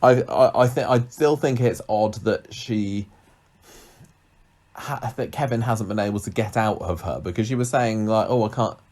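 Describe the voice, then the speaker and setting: Deep-voiced man chatting casually. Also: a little mellow. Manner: playful, quick to laugh, teasing. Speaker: podcast co-host. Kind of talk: casual chat.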